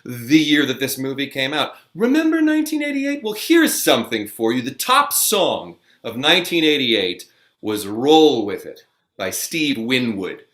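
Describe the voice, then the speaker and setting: Bright-voiced guy hosting a live comedy show, chatty, roomy echo. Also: medium pitch, big pitch swings, unhurried. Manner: chatty and playful. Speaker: host. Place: small theatre stage.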